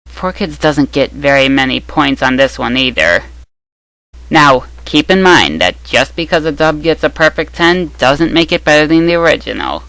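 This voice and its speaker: A young adult reviewer reads through a scripted rating system with a gravelly, fry-edged voice. The delivery is opinionated and laced with sarcastic jabs. The sound is dry and close, with no room around it. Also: medium pitch, expressive, normal speed, fairly bright tone, no room sound, poor audio. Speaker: anime dub reviewer.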